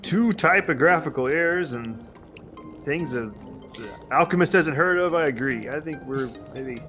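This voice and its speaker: A man's voice: a little high, normal speed, fairly bright tone, soft background music. Playful man at a tabletop game. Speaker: player. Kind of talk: in-character tabletop play.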